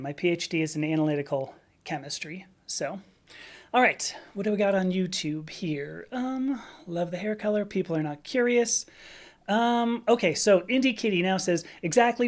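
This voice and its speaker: A woman from Southern California with a Valley accent, live streaming and chatting casually as she reads out viewer comments, candid and full of fillers and restarts. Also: mid-range voice.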